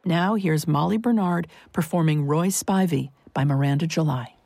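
A woman's voice: low-pitched, moderate pace, creaky, darkish tone, a faint crowd, a little hiss or hum. A woman hosting a story program, introducing readings in an appreciative scripted way. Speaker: host.

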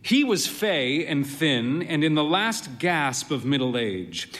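A man's voice: a little high, very animated, slow, fairly bright tone. A man narrating a story as a weary, wry pub keeper. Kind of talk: storytelling reading. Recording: long hall reverb.

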